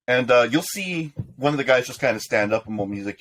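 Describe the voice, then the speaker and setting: A man's voice: medium pitch, lively intonation, fast, fairly bright tone. A man narrating a tabletop game as game master, in a casual way, dropping into slangy lines for the people in the scene.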